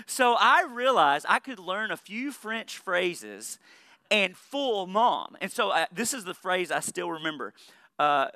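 A man's voice: sits high, sing-song, a little slow, bright, forceful tone, dry recording. A man in his thirties from Saline County in the United States, preaching a sermon with earnest points and humorous personal stories. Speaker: pastor.

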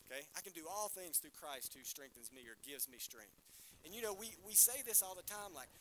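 A man preaches a sermon, his voice bright and forceful and sitting a little high. He keeps asking the congregation questions. Faint room sound hangs behind him. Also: animated, a little fast, slight background noise, rough recording. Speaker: pastor. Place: church hall.

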